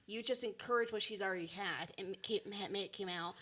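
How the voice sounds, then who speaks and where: A woman's voice: medium pitch, fast talker, a bit bright, husky. Woman, podcast guest; earnest, thoughtful, mid-range voice. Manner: earnest, searching for words. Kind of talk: casual live podcast chat.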